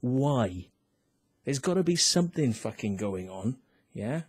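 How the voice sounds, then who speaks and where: A man's voice: mid-range voice, sing-song, measured pace, slightly rough. A man with a British accent, ranting in a heated, profane and mocking way on a vlog while reading out a complaint ruling. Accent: British English. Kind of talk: angry vlog rant.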